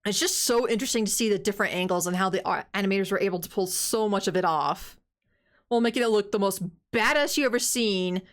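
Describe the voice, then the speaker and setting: A woman's voice: mid-range voice, quick pace. Giggly, rambling young woman streamer. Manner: rambling, giggly, lots of fillers. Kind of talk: casual gaming commentary.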